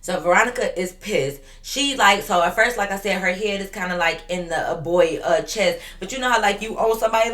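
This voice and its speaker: Animated young woman telling a story. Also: medium pitch, fairly quick, few pauses. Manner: animated, talks straight to viewers, acts out what others said. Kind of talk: casual storytime.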